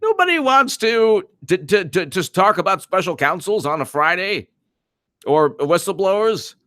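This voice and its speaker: A man hosting a political commentary livestream, talking in a rambling, animated, self-interrupting way. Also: high-pitched, moderate pace, no echo, clean studio sound.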